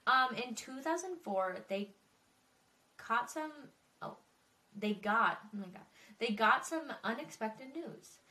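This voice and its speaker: A woman's voice: on the high side, animated, slow, long pauses, bright, forceful tone, reverberant, distant mic. A woman hosting a true crime podcast, talking casually with frequent swearing and emotional asides. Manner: chatty, swearing, emotional and tearful. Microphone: desk microphone.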